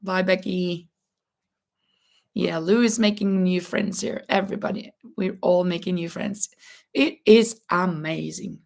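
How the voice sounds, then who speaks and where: A woman with a fairly low, a little mellow voice and fairly even intonation hosts a casual crochet livestream chat at a measured pace. She's chatty and thinks aloud with many fillers and restarts, her voice cracking now and then, with some coughing.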